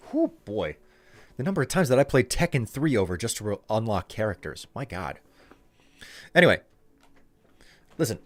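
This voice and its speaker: A man streaming a game live, chatting with viewers in a loose, rambling way full of fillers and restarts. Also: lowish voice. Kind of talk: casual chat while streaming a game.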